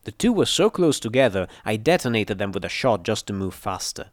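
A man with a low voice reading a first-person adventure story, brisk and earnest in the tense dialogue. The read is close-miked and dry, with no room sound. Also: sing-song, no echo. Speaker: narrator.

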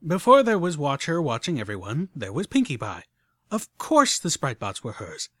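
A man narrating a story in the first person with expressive, animated delivery. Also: on the high side, normal speed, no room sound. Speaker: audiobook narrator.

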